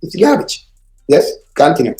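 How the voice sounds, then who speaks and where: A man's voice: a little high, huge pitch swings, moderate pace, dark tone, roomy sound, soft background music. A man with a Jamaican Patois accent hosting a reaction show, ranting, insulting and swearing as he comments on clips. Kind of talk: heated commentary on played clips.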